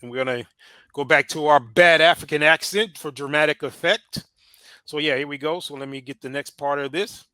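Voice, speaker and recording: Casting: upbeat Chicago host, high bright voice, slangy and laughing. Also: male voice, moderate pace, no room sound. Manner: slangy, laughing often, says "bro". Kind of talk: casual livestream commentary.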